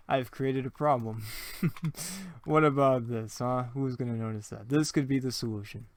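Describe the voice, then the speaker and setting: Taking it slowly with long pauses, a young man with a medium-pitched voice hosts his own gaming channel. He chats casually and thinks out loud while playing, offering self-deprecating jokes and lots of rambling asides in let's-play commentary.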